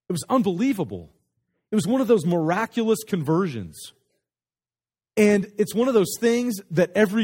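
A man telling a story in a sermon as a pastor, animated and conversational, often restarting his sentences. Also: high-pitched.

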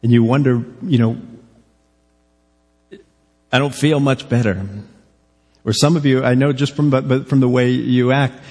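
A man's voice: medium pitch, flat delivery, fairly quick, few pauses, a little mellow. A male pastor preaching a sermon in a church, earnest and pressing his listeners with repeated direct questions. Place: church sanctuary. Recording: long reverb of a church hall.

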